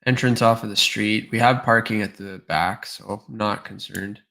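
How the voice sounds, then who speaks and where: A man's voice: fairly low pitch, fairly even intonation, moderate pace, creaky, sharp tone, low-quality recording. A man hosting a design livestream, thinking aloud with many fillers, tired and slightly losing his voice. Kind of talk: casual livestream commentary.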